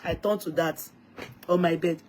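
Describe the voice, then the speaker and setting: This vlogger, whose accent is Nigerian, spins a lively, dramatic tale for her viewers and mixes in some Yoruba. Her voice is lowish, at normal speed.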